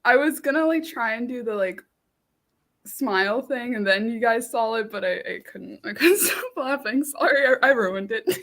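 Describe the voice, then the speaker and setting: A woman's voice: a little high, lively intonation, normal speed, a bit bright. A young woman chatting on a panel over a video call, giggling often. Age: young adult. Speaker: co-host. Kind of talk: casual panel chat.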